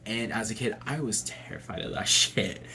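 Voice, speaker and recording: A man's voice: fairly low pitch, lively intonation, moderate pace, pushed and bright, slight background noise. A young adult man telling a personal story to camera in a casual, chatty way, swearing freely and laughing often. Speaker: vlogger.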